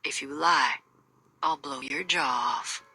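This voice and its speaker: A hard-edged female gunslinger with a husky, breathy rasp and a sharp, bright cutting tone. She talks in a slow, folksy drawl that makes every threat sound casual. She comes across as a cold, tough game mercenary. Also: a bass voice, exaggerated voice, low-quality recording. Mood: menacing. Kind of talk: video game voice acting.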